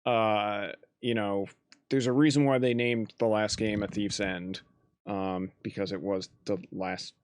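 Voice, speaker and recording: A man co-hosting a casual podcast chat, animated, laughing often and swearing casually. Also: fairly low pitch, measured pace, slight background noise. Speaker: podcast co-host.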